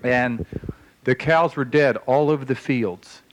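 A man telling a long personal story in a casual, halting way, with many fillers, acting out the voices of the people in it. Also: medium pitch, a little hiss or hum, poor audio. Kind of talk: casual spoken anecdote.

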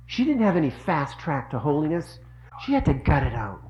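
A middle-aged man speaks earnestly to a congregation, telling personal stories and stacking repeated phrases for emphasis. His voice sits a little high for a man. A faint hiss runs under the recording. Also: huge pitch swings, normal speed, a little mellow, muffled recording. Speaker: religious speaker. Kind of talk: devotional talk.

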